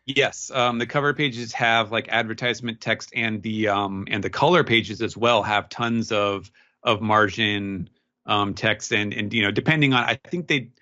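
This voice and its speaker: A man's voice: lowish voice, sharp tone, muffled recording. A man co-hosting a podcast, explaining at length in casual chat, full of fillers and restarts. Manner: rambling, many fillers and restarts. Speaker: podcast co-host.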